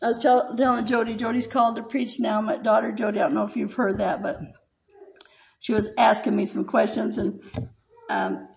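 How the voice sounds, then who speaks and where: High-voiced older woman preaching heartfelt testimony. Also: level tone, moderate pace, creaky, slight background noise, low-quality recording. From United States. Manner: emotional, laughs often while speaking.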